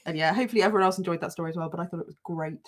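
A woman's voice: lowish voice, racing. A woman co-hosting a podcast, reading a listener's story aloud with frequent laughter and casual swearing, then chatting. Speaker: podcast co-host.

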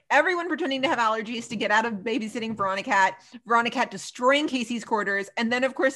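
A woman co-hosting a podcast, recapping TV episodes in a casual, animated chat full of laughs and fillers. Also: a little high. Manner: animated, laughing, lots of "like" and "so funny". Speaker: podcast co-host.

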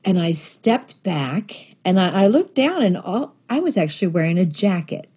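Woman, husky, lowish voice, earnest faith testimony, storytelling. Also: big pitch swings, moderate pace, dark tone. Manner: earnest storytelling, voicing quoted thoughts. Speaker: guest sharing testimony.

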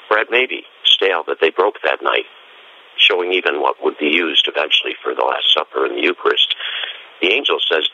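A man, a friar, giving a gentle and musing Christmas homily in a scratchy voice, pausing often to reflect. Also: sits low. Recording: dull lo-fi recording.

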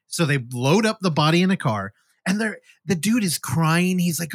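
A male podcast host retells a horror film with animated, swooping delivery and a slightly high voice. He swears freely and drops into quick acted-out lines from the scenes. The sound is dry and close. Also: no echo. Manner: animated, profane, acts out movie scenes. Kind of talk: casual movie review chat.

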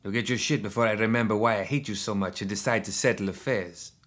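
A man's voice: lowish voice, fast, a bit bright. A man voicing a crude, short-tempered male hybrid fighter who snaps and swears. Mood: gruff. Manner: snapping, profane.

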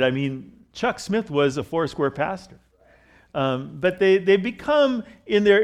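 A middle-aged man preaching a sermon in a church in a loose, conversational way, telling jokes and stories with frequent restarts. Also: fairly high pitch. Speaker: pastor.

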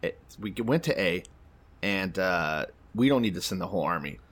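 Low, bright-voiced sardonic man. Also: animated, normal speed. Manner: blunt, sardonic, profane. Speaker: podcast co-host. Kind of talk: irreverent comedy chat.

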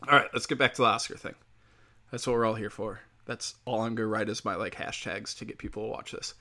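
A man's voice: lowish voice, fairly even intonation, fast, bright, forceful tone. A man delivering a heated, profane opinion rant, rambling with fillers as he talks.

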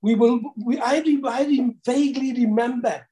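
A man's voice: very high-pitched, normal speed, dark tone. A man hosting a podcast interview, hesitant and often restarting his sentences. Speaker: podcast host. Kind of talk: casual chat.

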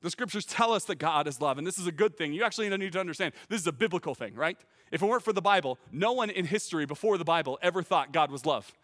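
A teaching pastor preaches a sermon earnestly and emphatically, often repeating words as he starts a phrase. His voice sits a little high for a man and is fairly bright, expressive and fast, with hardly any pauses. A long hall reverb trails behind him.

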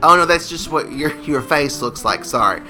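A radio host bantering in a goofy, excitable, rambling way, his voice very bright and sharp, lively in pitch and sitting a little high. Faint music plays under his comic back-and-forth. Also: normal speed.

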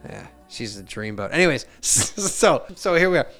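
A man's voice: medium pitch, moderate pace. A man in his forties, a podcast co-host, telling a long, meandering family story with asides and restarts. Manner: animated, meandering anecdotes with many restarts and asides; loudly acts out family members' lines in shifting voices. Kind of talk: casual chat, rambling storytelling.

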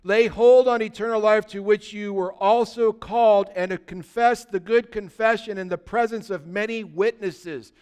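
A male pastor preaching a lively, conversational sermon, often asking the congregation questions. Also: sits high, clean tone.

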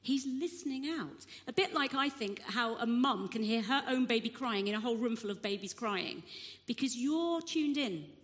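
A woman giving a sermon, telling a Bible story with expressive delivery and acting out the crowd's voices. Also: on the high side, moderate pace. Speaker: preacher. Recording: long hall reverb.

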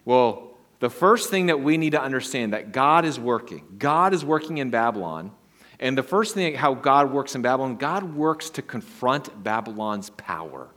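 A man preaching a sermon, reading scripture aloud and explaining it with lively, conversational asides, his voice swinging from quiet low stresses to high emphatic peaks. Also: normal speed.

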